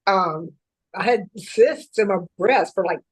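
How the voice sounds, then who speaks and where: A woman, a psychic reader, chatting casually and telling stories in an animated way, acting out the voices in them. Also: mid-range voice, a little slow, slightly rough. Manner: animated storyteller who acts out the voices in her stories. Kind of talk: casual conversation.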